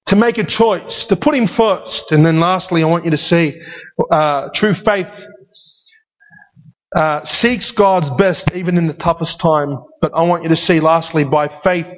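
A man's voice: a little high, a little slow. A man preaching a sermon as pastor, emphatic and given to repeating key phrases. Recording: dull sound with long hall reverb.

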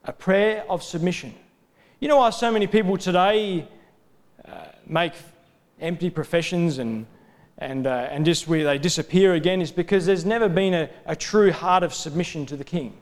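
A man preaching a sermon in a steady, rhythmic cadence, building lists of parallel phrases. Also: on the high side, normal speed.

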